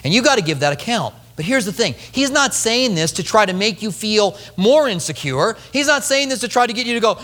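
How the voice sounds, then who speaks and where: High, bright-voiced preacher in an echoey hall. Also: male voice, expressive, fairly quick, hardly any pauses. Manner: conversational, joking asides to the congregation. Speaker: pastor. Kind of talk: sermon.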